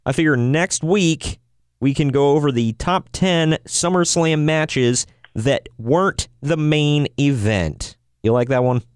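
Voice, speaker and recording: A man's voice: fairly high pitch, a little slow, clean tone, no echo, studio quality. A man co-hosting a podcast in casual chat, jokey and teasing, laughing often. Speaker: podcast co-host.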